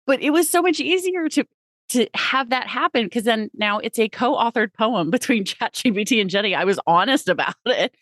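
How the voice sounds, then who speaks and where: A woman's voice: on the high side, expressive, normal speed, a bit bright, dry recording, studio quality. A woman hosting a podcast, chatting casually and laughing often. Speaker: podcast host.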